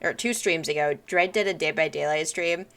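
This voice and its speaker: A woman's voice: deep voice, normal speed, a bit bright. A young woman streamer chatting casually on a call, joking and telling rambling stories.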